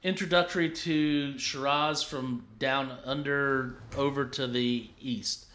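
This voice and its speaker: A man co-hosts a relaxed drinks review chat. His voice is bright and forceful, and he talks in a loose, halting way, full of fillers. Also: mid-range voice. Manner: relaxed, hesitant with many fillers. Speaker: podcast co-host reviewing drinks. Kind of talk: casual chat.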